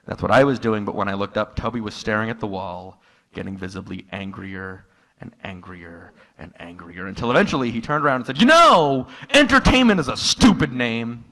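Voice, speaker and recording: A man doing a stand-up comedy set in a live room, telling stories in a dry tone that jumps into loud, exasperated outbursts. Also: sits low, brisk, vocal fry. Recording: live room with long hall reverb.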